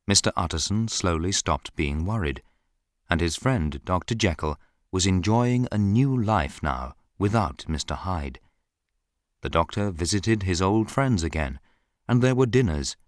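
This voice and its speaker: A man reading a classic novel aloud as scripted audiobook narration, in a slow and even storybook manner. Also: low-pitched, dry recording, studio quality.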